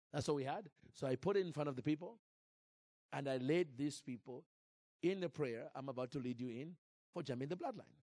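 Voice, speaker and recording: A man preaching and telling a story in an animated way, with frequent restarts and repeated words. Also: on the high side, moderate pace, long pauses, no room sound. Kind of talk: sermon storytelling.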